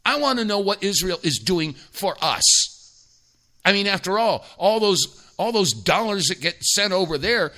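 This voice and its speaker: A man's voice: high-pitched, expressive, moderate pace, pushed and bright. A man hosting a talk radio show, emphatic and sarcastic, rambling with many restarts.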